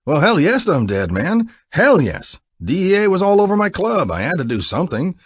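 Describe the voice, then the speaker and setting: A man voicing a cocky, swaggering male outlaw who talks in loud, brash, profane banter. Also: high voice, sing-song, normal speed, slightly rough, dry recording, clean studio sound, voice pushed up, heavily acted. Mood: brash shouting.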